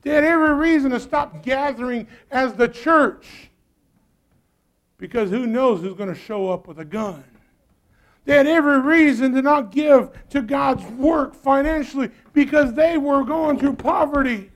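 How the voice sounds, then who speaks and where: A man's voice: very high voice, a little slow. A male pastor preaching a sermon in a church, calling out to the congregation and using folksy phrasing. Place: church sanctuary.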